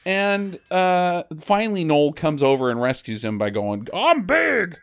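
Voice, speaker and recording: A man's voice: fairly high pitch, measured pace, clear, resonant tone. A man chatting casually about a film, telling it with silly impressions and sound effects. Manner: animated storytelling with silly impressions. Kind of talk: casual movie chat.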